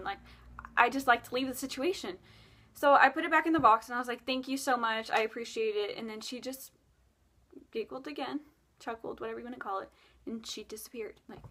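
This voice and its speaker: A woman's voice: a little high, bright, forceful tone. Chatty young woman telling a story. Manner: rambling, with many fillers and self-corrections. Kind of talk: casual storytime vlog.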